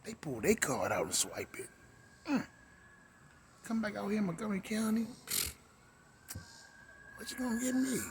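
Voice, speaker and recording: A man's voice: high-pitched, huge pitch swings, moderate pace, long pauses, slight background noise. A middle-aged man with a Maryland accent, hosting his own show in a rambling monologue, drawling, humming and dropping into whispers. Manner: drawling, slips into whispers and hums. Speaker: show host.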